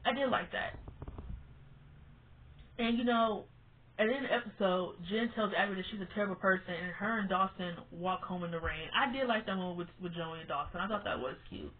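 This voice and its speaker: A woman's voice: mid-range voice, a little fast. A woman reviewing a TV show in a casual vlog, blunt and emphatic, who swears freely and repeats words for stress. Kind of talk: casual opinionated vlog rant. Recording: tinny phone-like sound.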